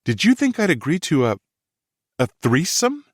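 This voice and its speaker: A man's voice: on the high side, wildly swooping pitch, normal speed, husky, dry recording, studio quality, voice pushed up, full character voice. A man voicing an eager young woman designer. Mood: indignant. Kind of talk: audiobook character voice.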